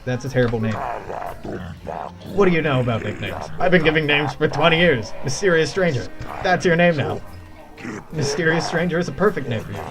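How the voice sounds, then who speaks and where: A man's voice: fairly high pitch, animated, a little fast, long pauses, over music, pitched above the performer's own voice, close to an everyday voice. A man voicing a scheming male alien duel organizer while reading game dialogue aloud, salesy and coaxing.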